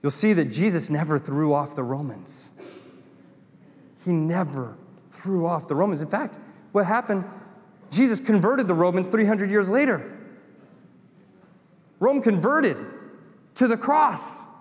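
A Southern man preaching with rising passion, his voice sitting a touch high for a man. Long reverb trails off every phrase, as in a big hall. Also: animated, unhurried, long pauses. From North Carolina. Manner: impassioned, builds to emphatic repeated lines. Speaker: pastor. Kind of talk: sermon.

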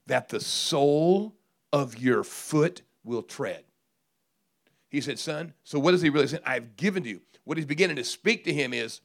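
A middle-aged male pastor preaching a sermon, swinging from hushed, drawn-out phrases to loud, emphatic declarations. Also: mid-range voice, creaky, dry recording.

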